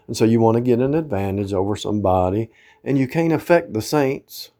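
A man's voice: lowish voice, animated, a little fast, warm tone. A man giving an informal sermon, quoting scripture in old-fashioned wording and scolding his listeners, with emphatic outbursts. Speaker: preacher.

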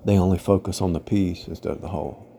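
Guy with a low mellow voice rambling thru a spiritual talk, keeps saying right? you know? faint hiss behind. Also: steady tone, quick pace, gravelly. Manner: rambling, repetitive, parable-style with frequent "right?" and "you know?". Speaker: religious teacher. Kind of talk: informal spiritual teaching monologue.

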